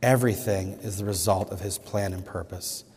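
A man's voice: low-pitched, fairly even intonation, moderate pace, darkish tone, breathy edge. Man preaching in an echoing hall. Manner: earnest, rising emphatically on scripture quotes. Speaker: pastor. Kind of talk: sermon. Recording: long reverb of a hall.

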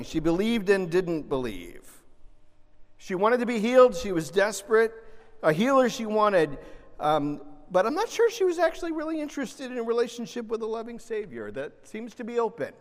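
A man preaching a sermon, animated, swinging between loud emphasis and soft, gentle asides. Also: sits high, moderate pace. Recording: long reverb of a large hall.

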